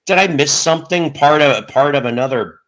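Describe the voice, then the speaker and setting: A man's voice: on the high side, normal speed, fairly bright tone. A middle-aged man hosting a live stream, chatting casually and rambling through stories with frequent restarts. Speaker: host of a live stream show. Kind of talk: casual chat.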